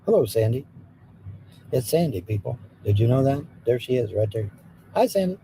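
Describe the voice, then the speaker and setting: A man's voice: mid-range voice, sing-song, moderate pace, long pauses, mellow, a little hiss or hum, rough recording. A man hosting a livestream, joking playfully with his viewers and drifting into bits of song. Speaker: livestream host and singer. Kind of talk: casual chat with live viewers.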